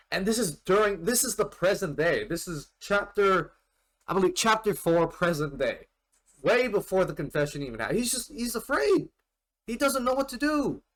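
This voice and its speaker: A man giving casual commentary in an anime reaction video, talking in a rambling, animated way with some casual swearing. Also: sits high.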